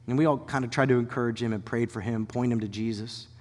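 Pastor preaching in a reverberant hall. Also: male voice, medium pitch. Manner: dynamic preaching, dropping to hushed whispers for emphasis; animated storytelling with quick asides. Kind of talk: sermon.

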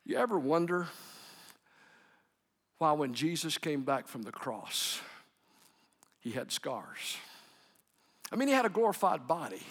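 Gravelly male preacher in an echoey hall. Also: fairly high pitch, sing-song, a little slow, pauses often. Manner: warm anecdotes with chuckles, dropping to near whispers. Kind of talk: sermon storytelling.

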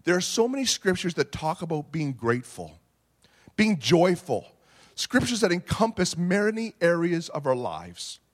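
A man preaching a sermon, animated, swinging from quiet reflection to shouting. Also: high voice, normal speed. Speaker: pastor.

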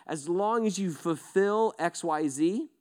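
A man preaching a sermon in a loose, conversational way, acting out quick quotes in different voices. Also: high voice, darkish tone. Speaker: pastor.

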